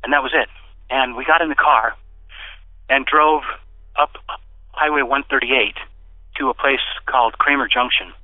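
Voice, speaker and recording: Excited man telling his story over a phone line. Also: normal speed, long pauses, dry recording. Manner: animated storyteller who bursts into excited, high-pitched quoted speech. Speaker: interview guest. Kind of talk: personal testimony in casual conversation. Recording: dry, tinny phone-like line.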